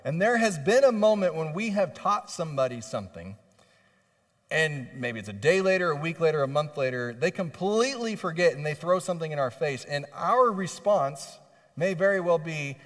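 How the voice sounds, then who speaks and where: A man's voice: fairly high pitch, lively intonation, moderate pace. Impassioned male preacher in a reverberant church. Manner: impassioned preaching, voicing pleading questions with rising intensity. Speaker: pastor. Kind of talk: sermon. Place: church sanctuary. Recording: long reverb of a church hall.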